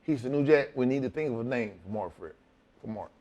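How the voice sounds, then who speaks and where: A man's voice: mid-range voice, animated, fairly quick, dark tone, lo-fi sound. A middle-aged man telling wrestling stories as an interview guest, blunt and full of swearing, acting out both sides of old conversations. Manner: blunt, swears often, acts out both sides of quoted talk. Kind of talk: profane shoot-interview storytelling.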